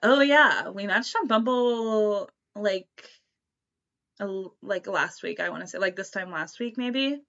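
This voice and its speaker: A woman's voice: medium pitch, measured pace, a bit bright, lo-fi sound. A young woman co-hosting a podcast, chatting casually and giggling as she retells her conversations. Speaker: podcast co-host. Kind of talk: casual chat.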